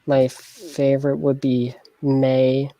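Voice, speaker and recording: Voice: mid-range voice, little pitch movement, slow pace, dark tone. A podcast panelist chatting casually, hesitant with many ums. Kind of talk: casual group chat.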